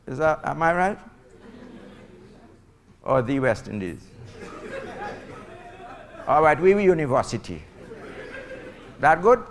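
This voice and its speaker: A Trinidadian comedian spins stories for a crowd in a chatty, teasing way. His voice is fairly high for a man and swings widely in pitch, lively and animated throughout. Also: slow pace, long pauses. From Trinidad and Tobago. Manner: chatty, teasing, laughs at own jokes. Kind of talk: stand-up storytelling. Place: school auditorium stage.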